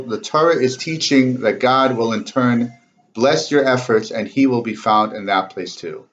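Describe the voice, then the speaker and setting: A man giving a scripted Torah talk in a measured, explanatory way, carefully pronouncing Hebrew words. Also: medium pitch. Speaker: Torah speaker. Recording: dull lo-fi recording.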